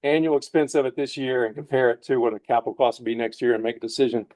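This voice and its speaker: Casting: warm, mellow man, folksy committee member reporting to a board. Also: medium pitch, fairly even intonation, quick pace. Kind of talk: meeting report.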